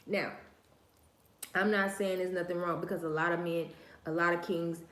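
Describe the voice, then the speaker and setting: A woman's voice: fairly low pitch, steady tone, moderate pace, fairly bright tone, roomy sound. A woman hosting a livestream, giving her opinions in a slangy, emphatic, preachy way, repeating her phrases. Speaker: livestream host. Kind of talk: casual opinion monologue on a livestream.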